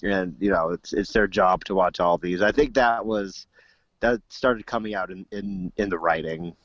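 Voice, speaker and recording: A man's voice: low-pitched, moderate pace, fairly bright tone, no room sound. Rambling man on a lo-fi mic. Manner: rambling, many restarts and fillers. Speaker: podcast co-host. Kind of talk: casual chat. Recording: dull, dry lo-fi mic.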